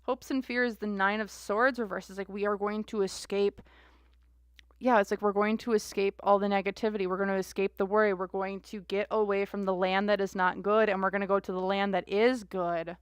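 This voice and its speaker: A woman's voice: medium pitch, little pitch movement, a little fast, clear, resonant tone, dry recording, clean studio sound. A woman doing a live-stream tarot reading, musing aloud with many restarts and fillers. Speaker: tarot reader.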